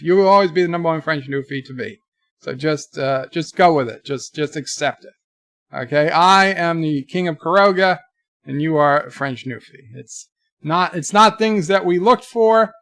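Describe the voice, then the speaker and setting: Guy streamer rambling thru viewer letters, kinda gravelly, dry close mic. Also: a little high, a bit bright, dry recording. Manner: rambling, jokey, reads viewer letters aloud. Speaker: streamer answering viewer questions. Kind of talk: casual live-stream chat.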